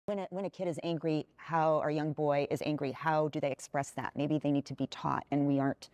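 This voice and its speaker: Measured woman with a smooth, flat voice. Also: low-pitched, no echo. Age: middle-aged. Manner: measured, reflective. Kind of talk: calm group discussion.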